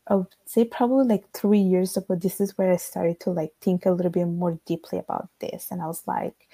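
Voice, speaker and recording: A woman's voice: on the low side, steady tone, fairly quick, dark tone, husky, dry recording. A woman with an Italian accent, a podcast guest telling her own story thoughtfully, in long searching runs full of fillers. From Italy. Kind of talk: reflective personal storytelling.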